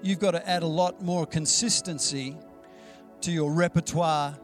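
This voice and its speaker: A man's voice: a little high, steady tone, unhurried, soft background music. A man preaching a sermon in a conversational, storytelling way, acting out the dialogue he quotes. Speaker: pastor.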